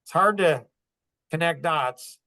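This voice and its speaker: A man's voice: on the high side, takes it slowly, sharp tone. A man in his sixties telling personal stories in a casual, reflective podcast chat, earnest and rambling, often saying "like". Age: 60s. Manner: earnest, rambling, heavy use of "like". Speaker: podcast host.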